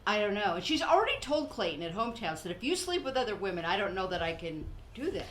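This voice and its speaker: A woman's voice: medium pitch, fast, slight background noise. An older woman hosting a podcast, chatting casually and acting out what people said, with frequent laughter. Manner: animated storyteller, acts out quotes, laughs often. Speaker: podcast host. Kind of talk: casual chat.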